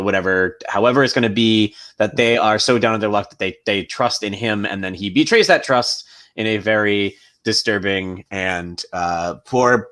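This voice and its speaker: A man's voice: on the low side, a bit bright. A man chatting casually as a player in a tabletop game, rambling with many restarts.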